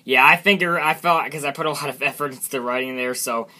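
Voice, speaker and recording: Bright-voiced man rambling through a review. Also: medium pitch, fast talker. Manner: self-deprecating, chuckling, restarts often. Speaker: channel host reviewing his own animation. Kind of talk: casual rambling self-review.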